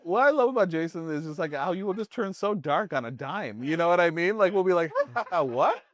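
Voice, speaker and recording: A man's voice: sits high, expressive, fairly quick, fairly bright tone. A young man co-hosting a comedy podcast, rambling eagerly with lots of fillers. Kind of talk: casual comedy chat.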